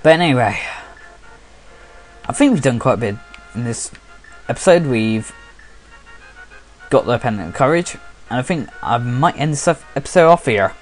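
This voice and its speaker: A man talks through his game play in a relaxed, rambling way, sounding sleepy and often restarting his sentences. His voice sits at an ordinary middle pitch. Soft game music plays quietly underneath. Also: normal speed, pauses often. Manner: rambling, frequently restarting and correcting himself. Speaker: let's play commentator. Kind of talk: casual game commentary.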